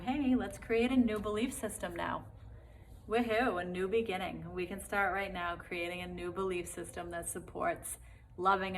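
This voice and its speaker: A woman's voice: medium pitch, fairly bright tone, slight background noise. A woman teaching a self-love course in a casual, encouraging way, full of fillers and asides. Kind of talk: spoken course lesson.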